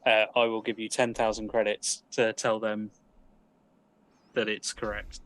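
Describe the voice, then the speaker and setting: A man's voice: on the low side, little pitch movement, unhurried, a bit bright, no echo, rough recording. A man taking part as a player in a tabletop game, laid-back and chatty.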